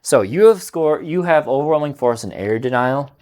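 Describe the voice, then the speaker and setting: A man playing a tabletop wargame, talking casually and quickly through rules and dice rolls, with excitable outbursts. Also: medium pitch. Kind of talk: casual battle report banter.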